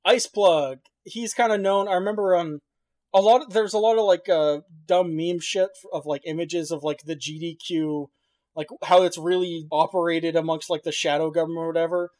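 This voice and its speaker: A man's voice: on the high side, steady tone, moderate pace, darkish tone, no room sound. A man chatting casually as a podcast co-host, rambling and cursing with lots of fillers and restarts. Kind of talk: casual chat.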